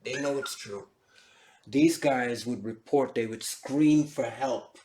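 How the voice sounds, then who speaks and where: A man giving an animated, storytelling lecture to a class. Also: mid-range voice, slow, a little hiss or hum. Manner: animated, dramatic retelling. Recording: echoey room.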